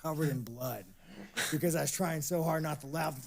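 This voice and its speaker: A man's voice: a little high, moderate pace, creaky, a crowd in the background. A man talking as a guest, telling stories in a casual, rambling way. He swears constantly and restarts his sentences a lot. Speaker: interview guest. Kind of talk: casual storytelling.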